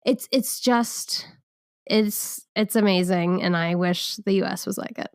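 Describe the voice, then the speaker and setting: A woman co-hosting a podcast, chatting casually in an eager, playful way. Her voice sits in a middle pitch and is recorded close and dry, with no room sound around it. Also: unhurried, clear, resonant tone, no room sound. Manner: gushing, playful, enthusiastic. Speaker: podcast co-host. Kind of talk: casual chat.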